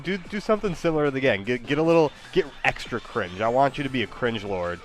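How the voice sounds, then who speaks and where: A man talks casually while he plays a game, rambling and hesitant, full of fillers. His pitch is ordinary, and faint music plays behind him. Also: lively intonation, fast, hardly any pauses. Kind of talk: casual chat while gaming.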